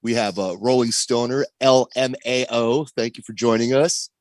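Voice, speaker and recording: A man's voice: medium pitch, fairly even intonation, normal speed, no room sound. A man co-hosting a casual livestream, talking loosely with many fillers. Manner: laid-back, filler-heavy talk. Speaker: co-host.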